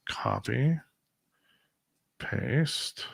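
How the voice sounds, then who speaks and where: Gravelly-voiced Canadian man chatting. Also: medium pitch, expressive, extremely slow, dry recording. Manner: chatty, trails off while working the computer. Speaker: radio show host. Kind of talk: casual chat.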